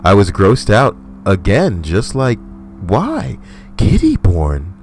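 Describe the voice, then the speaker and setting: Deep-voiced man ranting crudely. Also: wildly swooping pitch, takes it slowly, darkish tone, a little hiss or hum. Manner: profane, emphatic ranting. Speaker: host reading stories. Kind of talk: crude comedic commentary.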